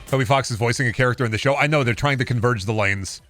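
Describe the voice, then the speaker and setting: A man's voice: medium pitch, fast talker, a bit bright, faint music behind. A male streamer in casual live-stream chat, ranting sarcastically and swearing.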